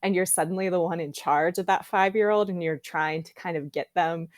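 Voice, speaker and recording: A woman co-hosting a book podcast in a relaxed, chatty way, retelling scenes with lively asides. Her voice sits a little low and the sound is dry and close, with no room around it. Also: fairly quick, no room sound. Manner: animated retelling with reading aloud. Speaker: podcast co-host. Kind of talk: casual book chat.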